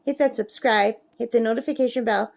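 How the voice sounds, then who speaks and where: A woman's voice: on the high side, steady tone, a little fast, vocal fry, background noise. A woman chatting casually to camera at a lakeside camp, laughing often and cooing at her pet bird. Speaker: craft vlogger.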